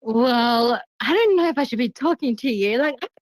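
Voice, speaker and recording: A bubbly woman chats casually in an online audio room and laughs often. Her voice sits a little high and sounds dry and close to the mic. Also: lively intonation, normal speed, no echo, poor audio. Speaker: guest baker.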